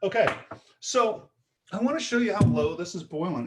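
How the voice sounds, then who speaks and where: A man's voice: high-pitched, animated, normal speed, slight background noise. A man hosting a live home cooking show, chatting casually as he explains each step and often checking in with "right?" and "okay?". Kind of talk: live-streamed cooking demonstration. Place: home kitchen.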